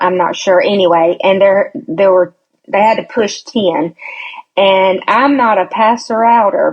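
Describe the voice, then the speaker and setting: A woman guest tells a personal story in an easygoing, unhurried way. She speaks at a middling pitch and acts out the voices of the people in her story. The audio is a little muffled and lo-fi. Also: breathy edge. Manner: chatty storyteller who acts out quoted voices, laughs often. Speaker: podcast guest. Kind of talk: casual storytelling interview.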